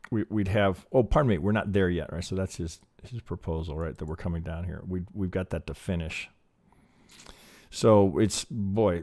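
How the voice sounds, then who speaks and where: A man's voice: sits low, darkish tone, no echo. Rambling, profane man teaching chart trading. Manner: rambling, profane, thinking aloud with many restarts. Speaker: trading educator. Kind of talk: live chart analysis lesson.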